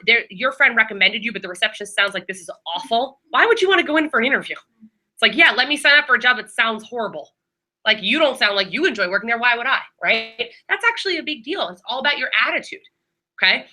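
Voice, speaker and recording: A woman training a class of new receptionists in a room, talking quickly and chattily with many fillers and restarts. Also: fairly high pitch, pushed and bright, rough recording. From Maryland.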